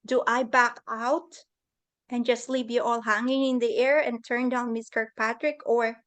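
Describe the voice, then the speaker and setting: A woman with a high voice shares a personal story as a summit guest, in an earnest, heartfelt manner. She speaks at an unhurried, slow pace. The sound comes through a video call. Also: steady tone.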